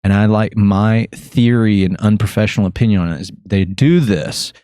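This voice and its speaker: A chatty, opinionated man with a low voice tells a story at podcast length, acting out every side of it. His voice sounds dry and close, with no room around it. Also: normal speed, mellow, smooth, no echo. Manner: chatty and opinionated, acts out both sides of anecdotes; frequent restarts and repeated "I was like". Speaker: podcast host. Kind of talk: casual conversational storytelling.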